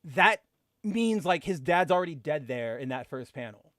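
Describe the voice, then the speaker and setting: Man, higher voice, excitable comic chat, lots of fillers, dry close mic. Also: normal speed, no room sound. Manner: excitable, filler-heavy, gushing. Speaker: podcast co-host. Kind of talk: casual comic book chat.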